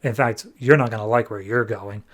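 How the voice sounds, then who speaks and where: A man voicing a cold, ruthless young male count villain in a flat, dismissive, matter-of-fact way. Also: on the low side, a little fast, close to an everyday voice.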